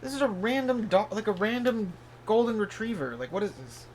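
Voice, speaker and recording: A man with a somewhat high voice gives a casual tarot reading, rambling in an encouraging way. He fills his talk with "like" and "you know" and jumps into excited, squeaky bursts of surprise. A faint hiss sits under his voice. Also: brisk. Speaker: tarot reader.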